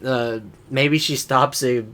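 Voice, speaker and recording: A man's voice: mid-range voice, fairly even intonation, takes it slowly, sharp tone. A man co-hosting a podcast, joking and laughing often in casual chat about anime. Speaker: podcast co-host.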